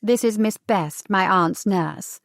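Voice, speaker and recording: A daring young woman talks with breezy, cheeky confidence, as a woman narrator puts her on. She sounds bold and quick to take charge. The audiobook recording is dry and close. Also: medium pitch, vocal fry, no room sound.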